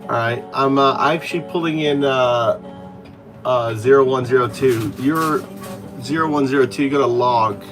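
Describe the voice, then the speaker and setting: A man chatting casually with AI assistants, rambling and halting with many restarts. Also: medium pitch, music in the background. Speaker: host.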